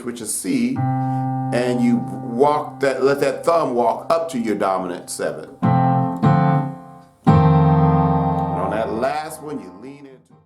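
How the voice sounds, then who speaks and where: Folksy man teaching piano, roomy echo. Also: medium pitch. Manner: relaxed, folksy explaining with frequent fillers. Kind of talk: casual piano lesson. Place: room with piano.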